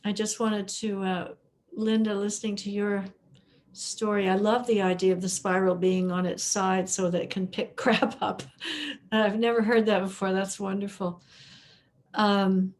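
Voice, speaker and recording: A woman's voice: medium pitch, darkish tone. A woman chatting in an online study group, telling a story with easy laughter over a video call. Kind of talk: casual sharing in an online group.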